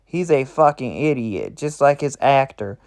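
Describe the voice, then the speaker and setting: A man's voice: mid-range voice, sing-song, unhurried, vocal fry, darkish tone. A man voicing a defiant, cornered woman superhero who snarls and swears.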